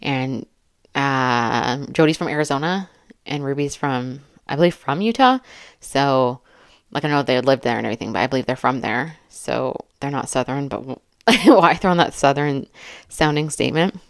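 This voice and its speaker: A woman in her thirties giving a chatty reaction commentary, reading quotes aloud with animated asides and laughs. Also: rumbling low, moderate pace, no echo, clean studio sound. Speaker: commentary YouTuber and mother.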